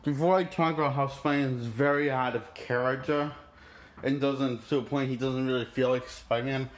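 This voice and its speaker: A man's voice: medium pitch, fairly even intonation, moderate pace, a little hiss or hum. A man reviewing a movie in an indignant, profane, rambling rant. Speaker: movie critic.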